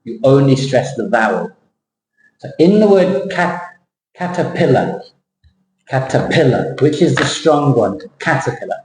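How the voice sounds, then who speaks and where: A man teaching English pronunciation, slowly drawing out words for a student and explaining the rules. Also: medium pitch, sing-song, a little mellow, roomy sound, low-quality recording. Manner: slow, drawn-out modeling of words, switching into Thai. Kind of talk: classroom pronunciation lesson.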